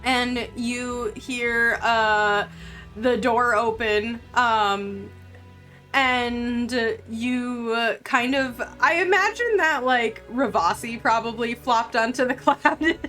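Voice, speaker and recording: Slow, relaxed woman game master. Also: fairly high pitch, soft background music. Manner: unhurried, full of ums and likes. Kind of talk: narrating a tabletop game.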